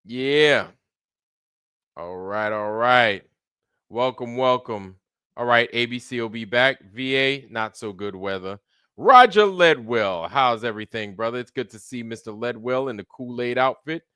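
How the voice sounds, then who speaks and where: Bright, crisp-voiced man greeting viewers. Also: medium pitch, expressive, a little slow, dry recording, studio quality. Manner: loose, slangy, swears casually; greets viewers by name one after another. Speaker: livestream host. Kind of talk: casual live-stream roll call.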